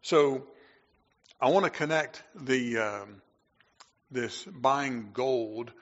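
Male pastor, casual preaching with asides, slightly raspy, reverberant church sound. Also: mid-range voice, extremely slow. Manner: conversational preaching with fillers and humor. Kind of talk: sermon. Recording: echoey hall, dull lo-fi sound.

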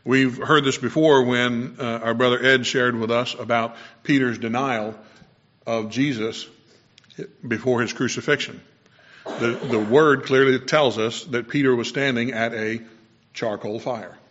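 A man's voice: medium pitch, steady tone, a little slow, a bit bright. Conversational male preacher, dull lo-fi sound. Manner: explanatory, with personal asides and self-corrections. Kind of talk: conversational sermon.

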